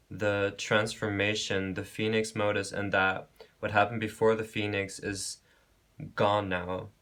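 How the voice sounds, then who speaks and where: A man giving a pick-a-card tarot reading, talking gently and reassuringly, rambling with restarts and calling listeners babe and beautiful soul. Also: fairly low pitch. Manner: affectionate, calls viewers babe and beautiful soul. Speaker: tarot reader.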